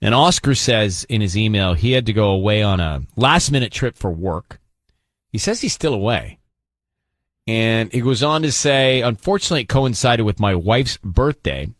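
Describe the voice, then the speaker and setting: A man's voice: lowish voice, a bit bright, dry recording, studio quality. A man hosting a radio call-in segment, pressing a caller with incredulous questions. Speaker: radio host.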